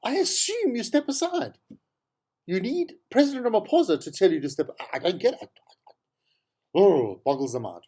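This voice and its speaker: A South African talk show host delivers an opinionated political commentary monologue on the news, exasperated and sarcastic, repeating points to drive them home. His husky voice is highly animated, swinging from low mutters up to high, incredulous peaks. He keeps a moderate pace with long pauses.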